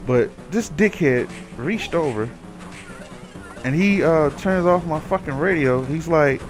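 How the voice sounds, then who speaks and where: A man's voice: a little high, animated, measured pace, faint music behind. A man casually telling a long story over gameplay, cursing freely, rambling and growing heated as he rants. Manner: profane, rambling, gets heated while ranting. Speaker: gaming commentator.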